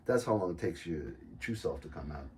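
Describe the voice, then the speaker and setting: A man from New York chatting casually as podcast co-host, telling animated, profane stories. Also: rumbling low, fairly quick, recorded from a distance, noisy background. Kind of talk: casual chat.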